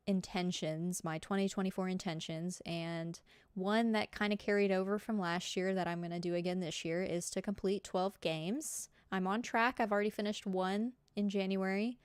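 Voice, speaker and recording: A woman's voice: medium pitch, clean tone, no room sound, studio quality. A woman with a Southern US accent, a streamer chatting casually with her live viewers, giggly and full of fillers.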